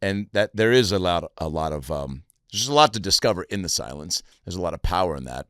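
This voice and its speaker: Low-voiced male podcast host, chatty. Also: lively intonation, quick pace, a bit bright, no room sound, studio quality. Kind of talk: casual podcast chat. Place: podcast studio.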